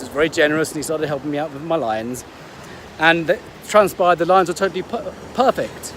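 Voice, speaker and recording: An upbeat man talks in a casual vlog, restarting his sentences as he goes. His voice sits fairly high. Ocean waves and wind roar clearly behind him on the beach. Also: expressive, normal speed. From England. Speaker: health coach.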